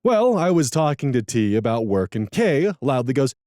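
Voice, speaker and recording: A man hosting a channel, reading online posts aloud and adding expressive, quick-witted commentary. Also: medium pitch, dry recording, studio quality. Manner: expressive, animated, quick asides. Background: faint lofi music.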